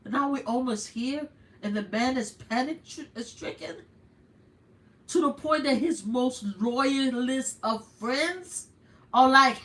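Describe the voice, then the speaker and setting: An older woman from Brooklyn with a New York accent, hosting a casual livestream where she reads texts aloud and reacts loudly with swearing and laughter. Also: sits high, takes it slowly. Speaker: livestream host.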